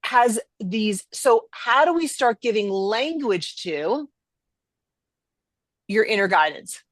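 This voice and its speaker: A woman's voice: on the high side, animated, slow pace, no room sound. A middle-aged woman hosting a podcast, talking emphatically in a conversational teaching style and acting out quoted voices. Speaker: podcast host.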